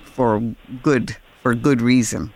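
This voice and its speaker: An older woman from New York City, a guest in an interview, speaking in a reflective way with hesitant pauses. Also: a bass voice, fairly even intonation, darkish tone. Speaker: author and TV actress, guest. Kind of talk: interview conversation.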